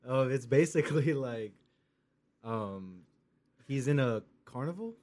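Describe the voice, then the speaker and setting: A man's voice: mid-range voice, animated, takes it slowly, darkish tone. A young man co-hosting a podcast, chatting casually about movies in a laid-back, rambling way with lots of swearing and fillers. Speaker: podcast co-host.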